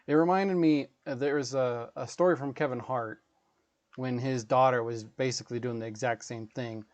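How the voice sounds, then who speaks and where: A man's voice: medium pitch, fairly even intonation, moderate pace, dry recording, highs cut off. A man in his thirties, a gaming livestreamer, telling rambling, profane stories in casual chat.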